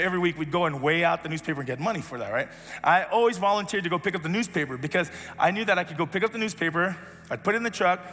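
A man giving a storytelling sermon as a pastor, animated, acting out voices and sinking to a soft hush. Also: fairly high pitch. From grew up as an immigrant. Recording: reverberant hall with faint music.

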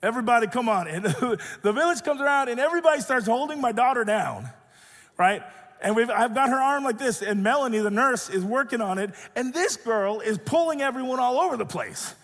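A man in his thirties preaching a sermon and telling a personal story, animated and acting out the voices in it. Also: very high-pitched, normal speed, big-room sound. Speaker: pastor.

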